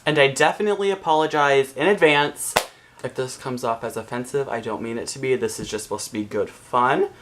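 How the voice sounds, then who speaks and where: A man's voice: medium pitch, a little fast, noisy background. A man with an American accent talking casually to camera, rambling and self-deprecating. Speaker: YouTuber.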